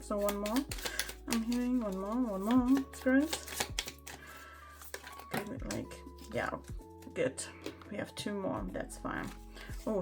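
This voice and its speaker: A woman talks through a pick-a-card tarot reading at a mid pitch. She chats and exclaims as she turns the cards. Faint music plays in the background. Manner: chatty, exclaiming over the cards. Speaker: tarot reader.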